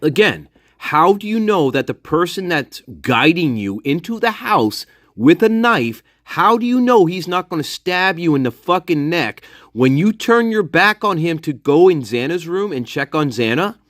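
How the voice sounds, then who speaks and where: A man's voice: a little high, very animated, measured pace, fairly bright tone, no echo, clean studio sound. A man giving angry, profane commentary on a case, mocking others with sarcasm and repeating himself for emphasis. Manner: sarcastic, mocks others in put-on voices. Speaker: true-crime commentator.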